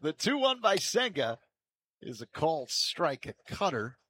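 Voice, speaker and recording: A man calling baseball play-by-play from a ballpark booth, with measured calls that lift and get louder on each pitch. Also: sing-song, slightly rough. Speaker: play-by-play announcer.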